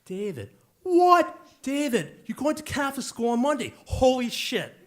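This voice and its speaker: A man doing a shouted impression of a hype-man rapper, drawn out and very loud, on a stage at a live storytelling event. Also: huge pitch swings, heavily acted. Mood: hyped shouting. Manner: yelling, drawn-out high shouts.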